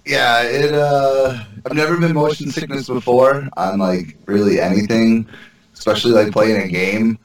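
A man's voice: mid-range voice, steady tone, normal speed, reverberant, distant mic, poor audio. A man co-hosting a podcast, telling a rambling story full of fillers and laughing often. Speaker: podcast co-host. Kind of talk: casual banter.

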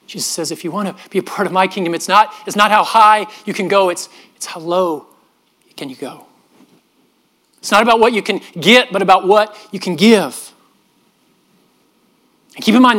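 A middle-aged man, a pastor, preaching a sermon in an earnest manner, often dropping his voice softly and repeating words as he goes. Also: high-pitched. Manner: earnest, with frequent soft drops and repeated words.

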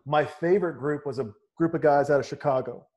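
A man's voice: fairly high pitch, brisk, darkish tone. A man in casual chat, telling a story in an easygoing way with chuckles.

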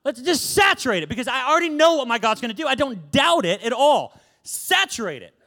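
A man's voice: very high voice, very animated, brisk, bright, forceful tone, voice pushed up, heavily acted. A man playing a brash, bossy prophet. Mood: bossy, confident. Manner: brash, teasing, ordering others about. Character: bold prophet man commanding helpers. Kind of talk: acted sermon skit.

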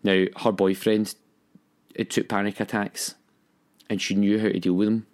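A man's voice: fairly low pitch, little pitch movement, normal speed, darkish tone. A young man telling his own story candidly and with emotion. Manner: candid, emotional, acts out quoted voices. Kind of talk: personal storytelling.

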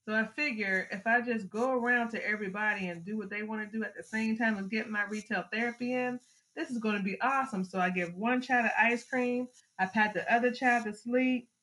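Animated storytelling mother, middle-aged woman. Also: on the high side, fairly quick, poor audio. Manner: animated storyteller, acts out family scenes with laughter. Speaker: podcast guest, mother of the host. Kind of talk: casual parenting advice chat.

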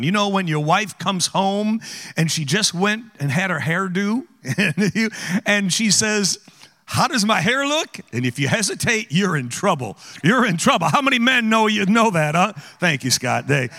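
A high, bright-voiced man preaches as a guest speaker. His voice leaps up and down as he teases and calls out to the congregation in a church auditorium. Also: in a large hall. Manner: animated, teasing, calls out to the audience. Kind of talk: playful sermon with audience interaction.

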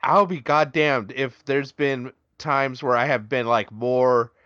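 A man's voice: medium pitch, fairly even intonation, takes it slowly, a bit bright, smooth, no echo, dull audio. A man co-hosting a podcast in casual chat, rambling and jokey. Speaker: podcast co-host.

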